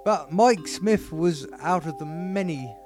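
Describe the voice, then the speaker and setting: A man's voice: a little high, animated, takes it slowly, a little mellow. A man co-hosting a music podcast, joking and bantering casually with frequent laughs. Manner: jokey, playful, laughs often. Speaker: podcast co-host.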